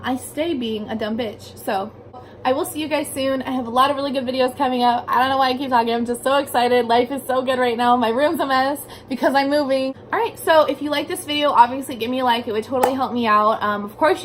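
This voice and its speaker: A young adult woman vlogs casually from her bedroom, telling a story in a chatty way, saying "like" constantly and swearing casually. Her voice is a little high, with slight background noise.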